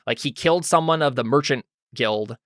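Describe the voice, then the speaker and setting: Running a tabletop RPG, this man speaks at a medium pitch, a bit quickly, with a fairly bright tone. His talk is loose and full of fillers as he asks the players what they'll do, and the studio sound is clean and dry.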